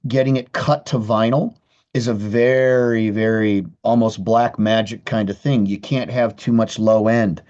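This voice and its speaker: A man's voice: on the low side, steady tone, a little slow, darkish tone, lo-fi sound. A man, a guitarist guest in a casual interview, talking candidly with frequent restarts and swearing. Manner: candid, profane, many restarts.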